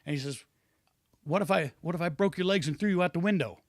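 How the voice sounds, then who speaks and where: A fifty-year-old man with a slightly high voice spins rambling bar stories, slipping into the voices of the people he quotes. The sound is close and dry, with no room around it. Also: quick pace, no echo. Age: 50s. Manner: rambling anecdotes with acted-out quotes. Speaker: podcast co-host, retired wrestler. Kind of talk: casual storytelling chat.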